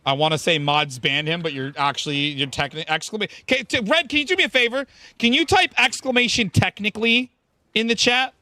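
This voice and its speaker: Bright, dry-voiced rambling male streamer. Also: high-pitched, brisk, dry recording. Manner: rambling, profane, hyped banter with chat. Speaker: game streamer. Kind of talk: casual live-stream chat while gaming.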